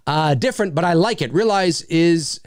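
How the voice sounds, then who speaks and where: A man's voice: a little high, animated, moderate pace, no echo, studio quality. A man hosting a casual livestream, rambling enthusiastically and swearing freely as he reads viewer messages. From Canada. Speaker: livestream host.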